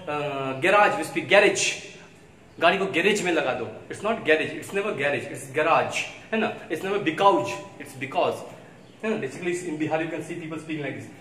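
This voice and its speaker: A man's voice: fairly high pitch, fairly bright tone, distant mic. A man with an Indian English accent teaching an English vocabulary lesson, spelling words letter by letter and often switching into Hindi. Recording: echoey room, voice off-mic, faint background noise.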